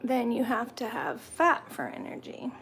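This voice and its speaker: Slow-talking woman chatting while eating. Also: fairly high pitch, sing-song, vocal fry, fairly bright tone, a little hiss or hum. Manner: chatty, answers viewer comments while eating; talks while chewing. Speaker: live-stream host. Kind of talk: casual live-stream chat.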